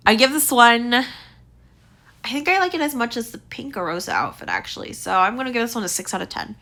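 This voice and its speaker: A woman's voice: a little high, very animated, fairly quick, sharp tone. Chatty young woman with a tiring voice. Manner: chatty, rambling, lots of likes and ums. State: voice tiring, slightly strained. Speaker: gaming video creator. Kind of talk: casual rating commentary.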